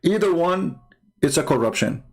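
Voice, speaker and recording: Here the online host's voice is on the high side, animated and a little mellow, at a moderate pace. Commenting on religious texts during a livestream, he makes his argument with rhetorical questions asked over and over, plus plenty of hesitant filler.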